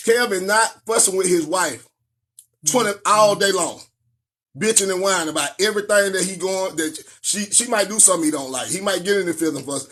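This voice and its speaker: A man's voice: high-pitched, fairly quick, fairly bright tone. A middle-aged man, ranting in a preachy and profane live-stream monologue that breaks into sing-song.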